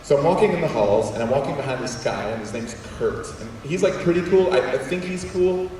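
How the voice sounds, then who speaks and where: A man's voice: fairly high pitch, fairly quick, a little hiss or hum. A young man giving a storytelling talk to students in a school auditorium, acting out voices as he tells it. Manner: animated storytelling with acted-out voices. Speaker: guest speaker. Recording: echoey hall, voice from far off.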